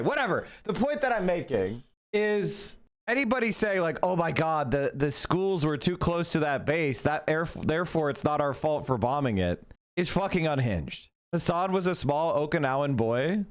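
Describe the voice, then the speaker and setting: Animated, profane male streamer. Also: fairly high pitch, moderate pace. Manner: blunt, profane, heated. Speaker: streamer reacting to clips. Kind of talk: casual profane live commentary.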